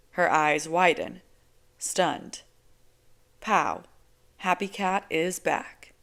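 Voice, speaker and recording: A woman reading a novel aloud in first person, with a measured, conversational delivery. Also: low-pitched, vocal fry, fairly bright tone. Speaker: audiobook reader.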